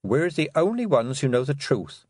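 Man doing a calm steely girl witch. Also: medium pitch, slightly rough, dry recording, clean studio sound, pitched above the performer's own voice. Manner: calm, firm, measured.

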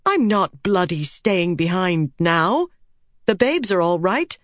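A determined young queen speaks with earnest resolve, as a female narrator voices her. The audiobook voice is a touch low and recorded dry and close. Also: lively intonation, takes it slowly, dry recording.

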